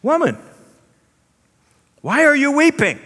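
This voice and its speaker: A man's voice: extremely high pitch, wildly swooping pitch, takes it slowly, fairly bright tone, voice pushed up, full character voice. A man voicing a playful, teasing Jesus, speaking with laughter in his voice. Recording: long hall reverb.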